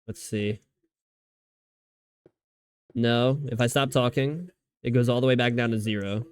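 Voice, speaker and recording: A man's voice: mid-range voice, steady tone, a little slow, smooth. Rambling male streamer, frequent restarts. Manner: rambling, frequent restarts and stammered repeats, swears freely. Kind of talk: casual live-stream chat. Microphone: desk microphone.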